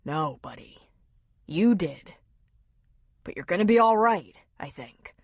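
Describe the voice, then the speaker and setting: Woman doing a calm gentle man, soothing, reassuring, dry close sound. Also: lowish voice, takes it slowly, gravelly, no echo, heavily acted.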